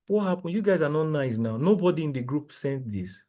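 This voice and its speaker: A young man, coaching traders live while sharing his screen, talking in an excitable, exclamatory, rambling way with lots of repeats. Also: on the high side, a little fast. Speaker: trading coach. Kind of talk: live screen-share trading analysis.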